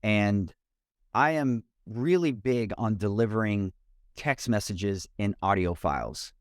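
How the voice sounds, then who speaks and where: A man, a mortgage loan officer and podcast guest, talking in an energetic, expressive way over a remote call. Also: fairly low pitch, slow, dry recording, clean studio sound. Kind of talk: casual interview talk.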